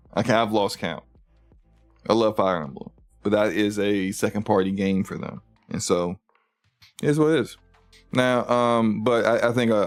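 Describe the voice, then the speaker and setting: Ranting male gaming streamer over faint music. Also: fairly low pitch. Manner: animated, mocking, ranting with mock impressions. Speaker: livestream host. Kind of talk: casual gaming commentary stream.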